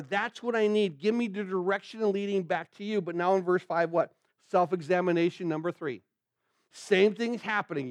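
A man with a high voice preaches an earnest sermon, working through scripture verse by verse. He keeps asking the congregation questions and answering them himself. The sound is close and dry, with no room echo. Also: brisk, a little mellow. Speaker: pastor. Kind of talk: sermon, verse-by-verse Bible teaching.

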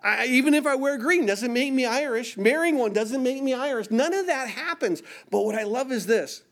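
Middle-aged guy preaching, high voice, keeps asking the crowd questions. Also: animated, moderate pace. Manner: call-and-response questions, emphatic. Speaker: pastor. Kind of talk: sermon.

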